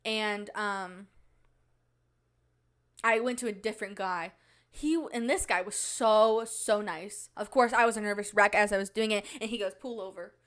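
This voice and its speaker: A woman's voice: mid-range voice, fairly even intonation, measured pace, a bit bright. A nineteen-year-old woman hosting her own podcast from a small home studio, rambling and chatty with lots of fillers. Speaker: podcast host. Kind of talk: casual solo podcast chat.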